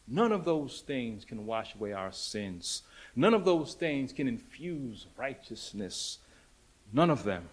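A man preaching a sermon, emphatic and dramatic, swinging between loud declarations and hushed lines and repeating rhetorical questions. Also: mid-range voice, sing-song, slow pace.

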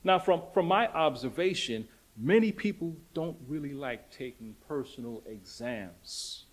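Emphatic preacher, man with raised pitch. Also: expressive, measured pace, hardly any pauses. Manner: emphatic, swinging between loud and hushed; repetitive rhetorical questions. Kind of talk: sermon.

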